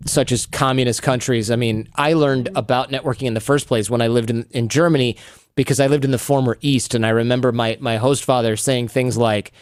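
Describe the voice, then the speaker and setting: A man guesting on a podcast, telling stories in an animated way and acting out the people he quotes. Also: medium pitch, a little fast, clean tone, dry recording, clean studio sound. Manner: animated, acts out quoted people in raised voices. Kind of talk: storytelling interview talk.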